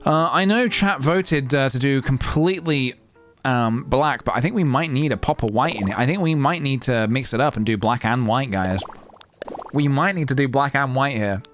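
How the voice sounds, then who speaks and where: A man's voice: mid-range voice, moderate pace, a bit bright. A young man chatting playfully and rambling while live-streaming a game, breaking into sing-song noises. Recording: faint guitar music behind.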